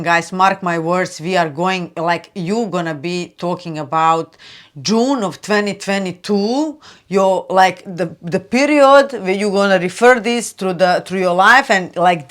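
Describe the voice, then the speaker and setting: A woman hosting a spiritual video, talking loosely and chattily with lots of "you know" and "like", turning soft and hushed for advice. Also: lowish voice. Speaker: spiritual channel host. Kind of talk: casual spiritual talk to camera.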